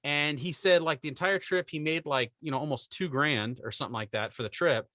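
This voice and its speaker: A middle-aged man co-hosting a podcast, telling animated stories in casual chat and acting out the people he quotes. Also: on the high side, fairly quick, dry recording, clean studio sound. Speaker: podcast co-host.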